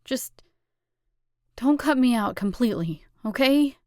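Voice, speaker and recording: A woman voicing a hurt teenage girl, speaking slowly in a wounded way. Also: a little high, animated, warm tone, no room sound, clean studio sound, voice pushed up. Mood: tearful. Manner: slow, wounded delivery. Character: hurt teenage girl, best friend, tearful.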